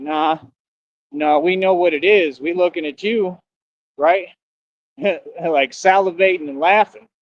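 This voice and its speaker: A man's voice: high voice, dry recording, muffled recording. A man livestreaming, ranting boastfully and confrontationally at his chat in heavy street slang.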